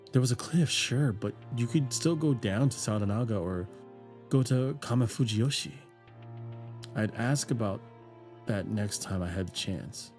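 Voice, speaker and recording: A man streaming a horror visual novel, narrating its text in a steady, even voice with dry asides. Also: fairly low pitch. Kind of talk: reading a visual novel aloud.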